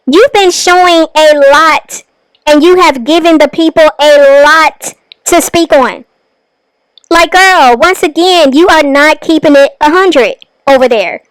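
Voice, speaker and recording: A woman talks through a reaction video in a casual, blunt way, putting pointed questions to the person on screen. Her voice sits high. The recording is dry and close, with no room sound. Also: a bit bright, no echo, poor audio. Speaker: reaction channel host. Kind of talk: casual commentary on a livestream clip.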